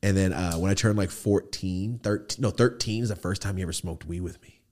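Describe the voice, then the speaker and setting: A man hosting a studio podcast, telling animated stories and acting out the people in them. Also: low-pitched, brisk. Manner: animated storyteller, acts out quoted people, swears freely. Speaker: podcast host. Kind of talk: casual storytelling chat.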